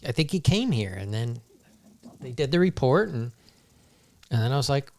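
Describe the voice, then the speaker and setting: A man's voice: medium pitch, very animated, normal speed, a little mellow. A man hosting a casual podcast, telling a long, rambling anecdote full of restarts. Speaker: toy shop owner and podcast host.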